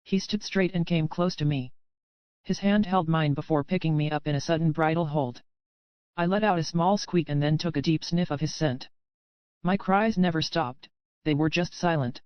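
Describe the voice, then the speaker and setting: A man reading a first-person romance audiobook in an even, measured way. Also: fairly high pitch, smooth, no echo, highs cut off. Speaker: audiobook narrator. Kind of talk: scripted first-person narration.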